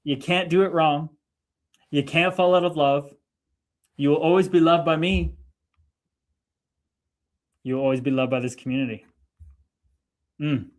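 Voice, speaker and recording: A man in his thirties hosts his own livestream through a streaming mic, casually chatting and reading viewer comments aloud. His slightly high voice carries a profane, fired-up energy that keeps drifting into preachy spiritual phrasing. He keeps a measured pace and pauses often.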